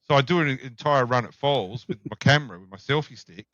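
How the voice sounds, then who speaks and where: His medium-pitched voice is lively, a bit bright and a little fast as this middle-aged Australian podcast guest tells blunt, profane stories in casual chat. There's no echo; the recording is dull, dry and lo-fi.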